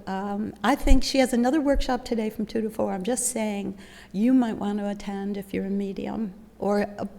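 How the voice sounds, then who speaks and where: A woman's voice: mid-range voice, dark tone. A woman chairing a service, enthusiastically introducing the guest speaker and explaining her credentials with simple comparisons. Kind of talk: formal introduction. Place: large hall, indoors. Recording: long hall reverb, live room.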